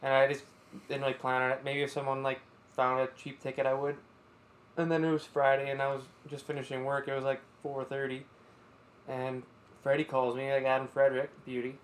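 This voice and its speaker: Quick-talking podcast buddy. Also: male voice, medium pitch, monotone. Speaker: podcast co-host. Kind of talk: casual chat.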